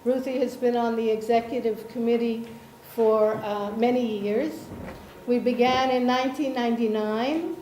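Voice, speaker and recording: A woman from Israel leads a workshop in a reverberant lecture room, faint ambience behind her. Her voice sits a little high but mellow in tone. She talks slowly, hesitating with ums, and keeps checking that the room follows. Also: fairly even intonation, dull audio, a little hiss or hum. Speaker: workshop presenter, association chair. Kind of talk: slow explanatory workshop talk.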